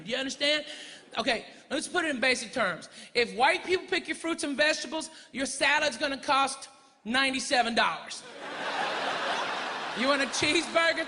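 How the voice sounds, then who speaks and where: A man doing a stand-up comedy routine in a brash manner, shouting his punchlines on a club stage. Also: very high voice. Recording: reverberant club with audience noise. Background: audience laughter.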